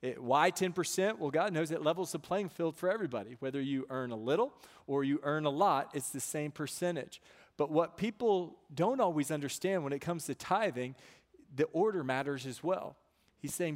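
A man's voice: a little high, normal speed. A man preaching a sermon as a pastor, emphatic and given to repeating words and asking "right?" of his listeners.

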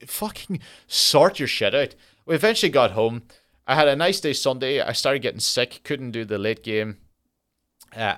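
A young man talks alone into a podcast mic, ranting about a miserable trip in a voice of ordinary pitch. He swears constantly and drifts into exaggerated dark jokes. The delivery is loose, exasperated storytelling. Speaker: podcast host. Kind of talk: solo podcast monologue.

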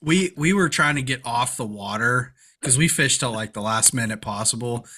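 A man's voice: mid-range voice, normal speed. A man co-hosting a casual fishing podcast, telling fishing-day stories with lots of laughter. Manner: animated storyteller, laughs hard. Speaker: podcast co-host. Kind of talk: casual chat.

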